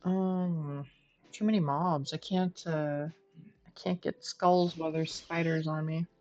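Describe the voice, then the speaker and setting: A woman's voice: low-pitched, fairly even intonation, takes it slowly, darkish tone, highs cut off. A woman streaming a game, chatting and thinking aloud as she plays and talks to her viewers. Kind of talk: live gameplay commentary.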